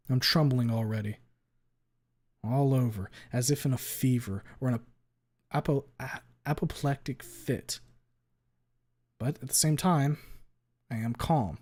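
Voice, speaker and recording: A man reading a fan story aloud on a stream, expressive, with small stumbles. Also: mid-range voice, a little slow, long pauses.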